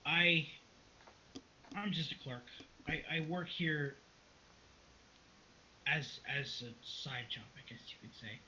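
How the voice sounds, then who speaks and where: A man's voice: fairly high pitch, slow pace, long pauses, bright, forceful tone, a little hiss or hum, heavily acted. A man voicing a nervous court clerk who stammers and hesitates, in a tabletop role-play. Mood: anxious. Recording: dull lo-fi recording.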